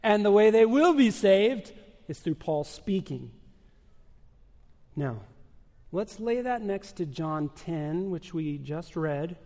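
Male pastor, high voice, slow deliberate sermon delivery, big church reverb. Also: very animated, warm tone. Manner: emphatic preaching with dramatic pauses and rhetorical questions.

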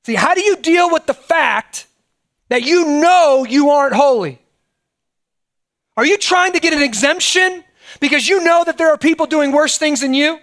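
Middle-aged male pastor, very high voice, chatty preaching with "right?" asides. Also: moderate pace, a bit bright. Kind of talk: sermon.

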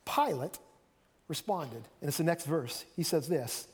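A man's voice: a little high, expressive, measured pace, a little mellow, husky, long reverb tail. A man preaching a sermon in a conversational way, often repeating phrases and acting out quotes.

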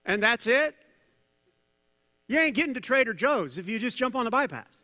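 A male pastor giving a sermon, conversational and animated, with jokes and asides to the congregation. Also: extremely high pitch, moderate pace, long reverb tail. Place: church hall.

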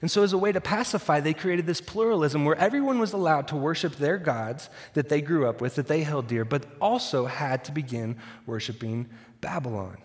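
Preacher in a long-reverb hall. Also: male voice, a little high, a little fast. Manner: storytelling, acts out quotes with dry humor. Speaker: pastor. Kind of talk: sermon.

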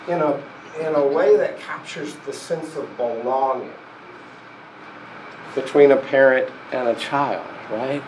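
Man, sermon, slow and reflective, slightly high voice, faint background hiss. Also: poor audio. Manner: slow, reflective, conversational with frequent restarts. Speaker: pastor and therapist.

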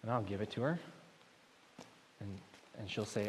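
A man preaching a sermon to a congregation, moving between loud emphatic points and quiet, low asides. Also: normal speed, long pauses, a little hiss or hum. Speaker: pastor. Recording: long hall reverb.

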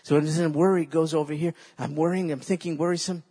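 A man's voice: fairly high pitch, fairly even intonation, a little fast, dark tone, husky. A man preaching a sermon in an emphatic, exhorting way, leading his listeners to repeat phrases back to him. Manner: leads the audience in call-and-response repetition.

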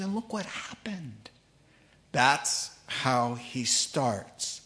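A man preaching a sermon, animated and storytelling, who acts out the voices in his anecdotes. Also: high-pitched, takes it slowly. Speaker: pastor.

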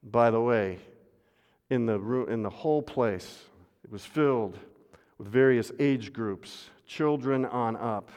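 A man preaching a sermon as pastor, swinging from loud refrains to hushed asides and calling on the congregation to repeat after him. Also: medium pitch, slow pace. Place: church sanctuary. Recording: long hall reverb.

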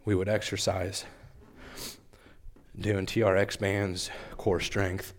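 Man, deep low voice, young adult, church testimony, earnest, emotional, halting. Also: level tone. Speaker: church member giving testimony.

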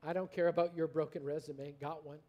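A middle-aged man preaching a sermon, telling stories and swinging from loud emphasis to a hushed, near-whispered delivery. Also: fairly high pitch, flat delivery, fairly quick, muffled recording. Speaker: pastor.

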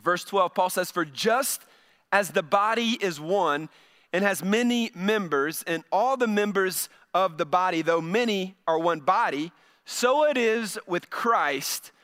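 A man's voice: high voice, animated, measured pace, fairly bright tone. A middle-aged male pastor giving a conversational sermon, often repeating words as he starts a phrase.

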